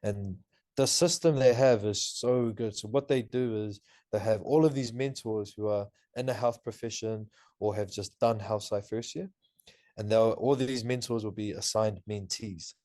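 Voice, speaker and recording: Rich: a young man from New Zealand with a lowish voice, chatting as a podcast guest. He tells stories in an animated, laughing way, full of fillers. His voice sounds dry and close, with little room around it. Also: moderate pace, no echo. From Auckland, New Zealand. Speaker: podcast guest, university student. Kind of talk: casual interview talk.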